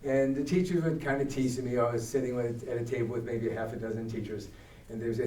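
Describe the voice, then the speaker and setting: An older Brooklyn man with a New York accent, his voice mid-range and fast, tells stories as a guest speaker in a church hall, animatedly acting out the voices of the people in them. The sound is roomy and low-quality, picked up far from the mic.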